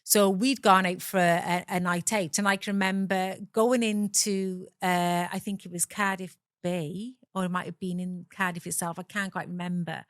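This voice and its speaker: A woman's voice: lowish voice, flat delivery, normal speed, few pauses, no room sound, studio quality. Blunt South Welsh woman telling her story. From Wales. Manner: blunt, swears freely, acts out voices in her story. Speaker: guest. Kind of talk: candid personal storytelling.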